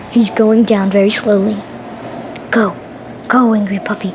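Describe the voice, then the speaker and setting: A woman hosting a playful pet vlog, excitable and giggly, talking into a headset microphone and breaking into shrieks. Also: mid-range voice, measured pace, long pauses, a little hiss or hum. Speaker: channel host.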